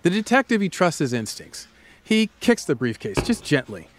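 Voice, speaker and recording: A man hosting a podcast, telling a true-crime story to his co-host in a playful, dramatic way, slowing down for scene-setting. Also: high-pitched, very animated, slight background noise.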